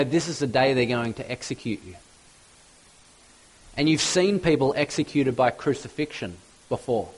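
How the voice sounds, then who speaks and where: A man preaching a sermon with passion, stacking up lists that climb to loud peaks and then dropping low and hushed. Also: poor audio.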